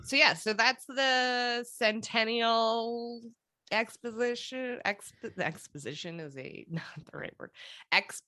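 A woman's voice: fairly high pitch, slow, no room sound, studio quality. A woman co-hosting a podcast in casual chat, telling history stories with lots of laughter. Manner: laughing, animated storytelling. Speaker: podcast co-host.

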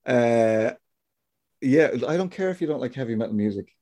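A man's voice: mid-range voice, lively intonation, normal speed, warm tone. A man hosting a podcast, rambling and joking in casual chat and swearing freely. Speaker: podcast host.

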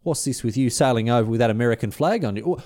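A man's voice: medium pitch, expressive, quick pace, warm tone, close to an everyday voice. A man voicing a suspicious male ship navigator who speaks confrontationally. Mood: challenging.

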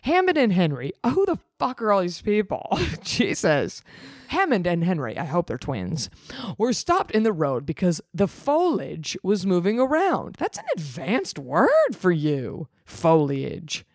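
Sarcastic woman reading with deadpan asides. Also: lowish voice, unhurried, no echo, clean studio sound. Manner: swings between dramatic reading and flat deadpan. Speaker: host reading a story aloud. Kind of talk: dramatic reading with comedic commentary.

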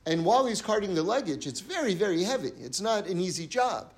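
A man's voice: high-pitched, sing-song, brisk. A man giving an earnest sermon-style Torah talk who repeats his points for emphasis and tells parables.

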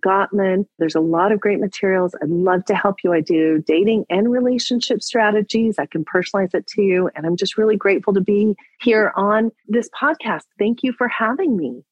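A woman's voice: mid-range voice, moderate pace, hardly any pauses, no room sound, lo-fi sound. A woman relationship coach on a podcast, telling a personal story with acted-out dialogue and giving advice. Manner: animated storyteller, acts out dialogue.

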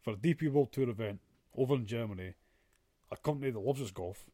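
A man's voice: mid-range voice, fast, warm tone, dry recording, studio quality. A man co-hosting a casual podcast chat, blunt and sweary, ranting with plenty of filler. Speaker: podcast co-host.

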